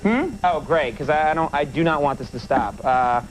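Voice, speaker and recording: A man hosting a talk show, asking questions in a halting way, full of fillers and restarts. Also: on the high side, noisy background. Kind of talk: casual interview chat.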